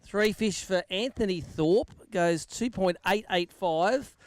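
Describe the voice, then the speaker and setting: A man's voice: sits high, slow, no echo, studio quality. An Australian man acting as MC at an outdoor fishing weigh-in, giving live commentary and bantering with the anglers.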